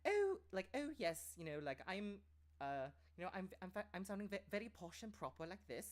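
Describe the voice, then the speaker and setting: A man doing a nasal, high posh Englishman. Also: very animated, brisk. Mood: snooty. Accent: exaggerated posh English. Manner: prissy, overly proper. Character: uptight old-fashioned posh upper-class Englishman.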